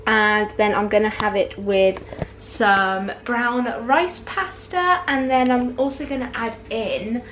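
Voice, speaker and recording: A woman's voice: on the high side, slow pace, a bit bright, roomy sound, a little hiss or hum. A young British woman chatting casually in a food vlog at home, bubbly and full of "like". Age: young adult. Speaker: vlogger. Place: home kitchen and garden.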